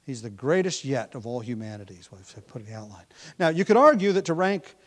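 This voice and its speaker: A man's voice: big pitch swings, quick pace, fairly bright tone. A man preaching an expository sermon, reading scripture with rising emphasis and adding conversational asides. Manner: emphatic, rises in pitch and volume when reading scripture; conversational asides with restarts and light laughs.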